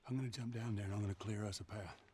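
An actor playing a gruff, protective middle-aged male survivor in a video game, giving blunt orders. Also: fairly low pitch, fairly even intonation, racing, darkish tone, slight background noise, lightly acted. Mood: instructing. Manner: blunt, commanding instructions.

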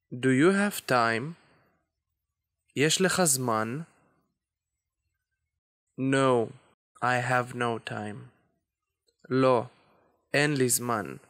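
A man giving a beginner language lesson, explaining grammar slowly and deliberately with example phrases. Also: medium pitch, fairly bright tone, no room sound, clean studio sound. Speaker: Hebrew teacher.

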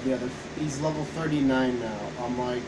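Over gameplay, this gaming-channel co-host swaps long, meandering, foul-mouthed stories in relaxed chat. He speaks at a moderate pace in a mid-range voice with a somewhat dark tone, picked up by a far-off mic with background hum.

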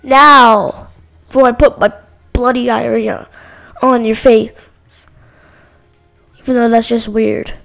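A woman's voice: on the high side, fairly even intonation, slow, gravelly, pauses often, fairly bright tone, faint music behind, exaggerated voice. A woman voicing a goofy dad who bluntly bosses his son around in a home-made comedy sketch. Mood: bossy. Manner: rude, blunt orders.

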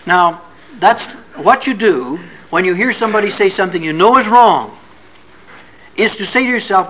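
A man's voice: high-pitched, animated, normal speed, bright, forceful tone, rough recording. A man giving a classroom scripture lecture in an earnest, folksy, conversational way. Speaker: religious lecturer.

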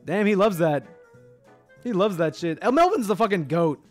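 Excitable high-voiced young man streaming. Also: moderate pace, soft background music. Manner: excitable, animated, swings between loud squeals and mumbles. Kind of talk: casual livestream commentary.

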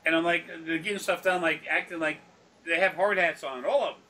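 A man's voice: on the high side, fairly even intonation, brisk, pushed and bright. A man telling rambling, profane anecdotes on a recorded consultation, laughing often and acting out the people he quotes. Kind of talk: casual storytelling on a recorded consultation. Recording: distant mic with faint background noise.

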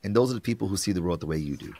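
A man's voice: sits low, very fast, creaky. A man, a marketing professor, talking with passion on a podcast and acting out quoted exchanges. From United States. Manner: animated, preachy, acts out quoted exchanges.

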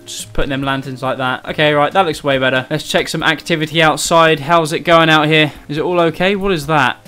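A man's voice: fairly high pitch, steady tone, brisk, pushed and bright, clean tone, soft background music. A young man giving chatty let's-play commentary, talking straight to his viewers and crying out when startled. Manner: jumpy, exclaims often when startled; chatty, talks to viewers directly. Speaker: gaming YouTuber.

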